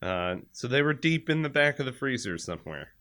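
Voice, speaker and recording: A man's voice: mid-range voice, very animated, a little fast, fairly bright tone. A man co-hosting a casual chat, laughing and cursing as he talks through the pain of a hurt back. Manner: profane, laughing storyteller. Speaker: podcast co-host.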